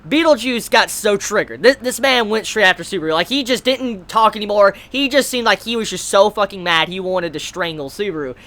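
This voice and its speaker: A woman in her twenties talking through an anime episode in a casual, animated way, swearing freely and repeating herself as she gets worked up. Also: medium pitch, fairly quick, few pauses. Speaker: anime reviewer. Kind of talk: casual video commentary.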